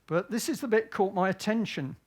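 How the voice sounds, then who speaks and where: Man giving a public talk, slightly high. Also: brisk, a little mellow. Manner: asks himself rhetorical questions and answers them. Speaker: speaker at a public event.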